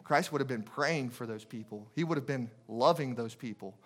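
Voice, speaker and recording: A man's voice: medium pitch, moderate pace, fairly bright tone. A man preaching a sermon as a guest preacher in a church, impassioned and repetitive, firing off rhetorical questions.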